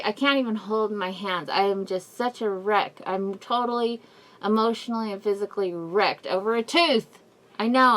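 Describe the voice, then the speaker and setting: A woman's voice: medium pitch, fairly bright tone. Middle-aged woman rambling through a face mask. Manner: rambling, emotional storytelling with frequent laughs and sighs. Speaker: vlogger. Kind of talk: casual personal update to camera. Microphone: speaking through a face mask.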